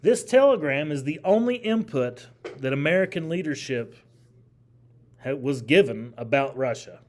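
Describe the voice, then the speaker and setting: A man's voice: fairly high pitch, animated, moderate pace, a little mellow. A man teaching a history class, lecturing animatedly, asking the class questions and repeating key phrases.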